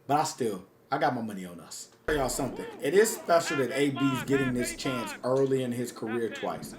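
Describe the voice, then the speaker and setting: A man's voice: mid-range voice, expressive, a little fast, a crowd in the background. A man doing casual, hyped commentary over his own video game, talking straight to his viewers in slangy speech. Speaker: gaming YouTuber.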